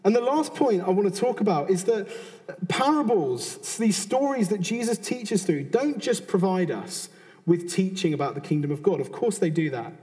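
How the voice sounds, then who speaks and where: A man's voice: sits high, lively intonation, normal speed, warm tone. A British man in his thirties preaching a sermon in an earnest, conversational way, often restarting and adding asides. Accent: British English. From Britain. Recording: long hall reverb.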